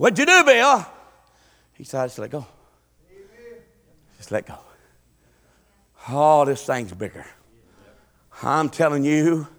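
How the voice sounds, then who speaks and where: High, bright-voiced preacher man. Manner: shouting, rising and falling Southern preaching cadence. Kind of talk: sermon.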